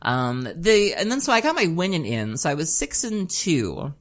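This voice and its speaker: A woman co-hosting a podcast, telling a long story in casual chat, laughing often and filling pauses with "um". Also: low-pitched, sing-song. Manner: chatty storytelling with frequent laughs and "um"s. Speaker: podcast co-host.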